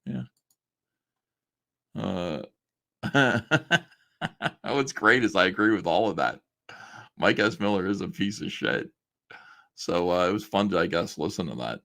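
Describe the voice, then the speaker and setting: A man's voice: low-pitched, animated, a little slow, gravelly, long pauses, fairly bright tone. A man casually reading old messages aloud on a stream and mocking them with a sarcastic, laughing manner. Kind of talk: casual commentary on a live stream.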